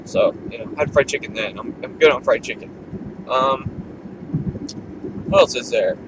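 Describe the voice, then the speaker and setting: A man's voice: medium pitch, moderate pace. A man, telling a rambling, casual story while driving his car. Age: 20s. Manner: rambling, filler-heavy, laid-back. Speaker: vlogger. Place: inside a moving car. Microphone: camera or phone in the car. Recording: loud car road noise. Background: road and engine noise.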